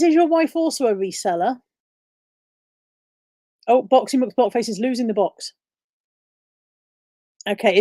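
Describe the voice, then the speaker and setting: Woman host, fairly high voice, dry close sound, chatty, reads chat questions aloud in a casual live-stream style. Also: a little mellow, no echo. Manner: reads viewer questions aloud and answers them.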